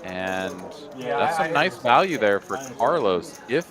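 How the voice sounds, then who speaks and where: A man's voice: medium pitch, very animated, slow, a crowd in the background. A man, commentating a live poker cash game in a laid-back, drawling way with frequent fillers.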